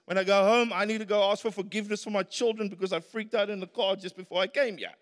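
High-voiced South African pastor preaching. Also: male voice, fairly even intonation, fast talker. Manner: earnest, rises to emphatic peaks. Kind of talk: sermon. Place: church hall. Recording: reverberant church hall.

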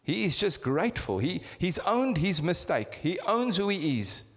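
In a church hall with long reverb, a pastor in his fifties with a South African accent asks his congregation rhetorical questions during a sermon. His voice is high-pitched and fairly bright, swinging widely in pitch at a normal pace.

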